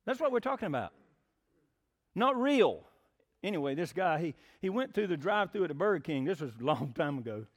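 A man's voice: on the high side, big pitch swings, quick pace, hardly any pauses. A man preaching a sermon in a folksy, plainspoken storytelling way. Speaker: pastor.

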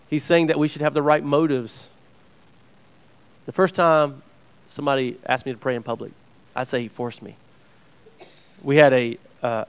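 A man from Georgia preaching a conversational sermon as a Bible teacher, restarting phrases and checking in with his listeners. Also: medium pitch.

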